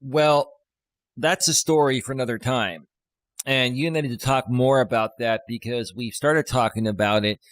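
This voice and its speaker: A man's voice: medium pitch, moderate pace, no room sound. Man coaching in a dry room. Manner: reassuring, explains step by step. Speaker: life coach and live stream host. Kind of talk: casual live stream talk.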